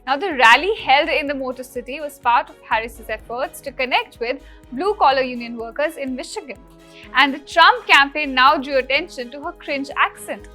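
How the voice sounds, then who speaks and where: A woman news anchor reading scripted news stories in a brisk, emphatic delivery. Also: sits high, pushed and bright.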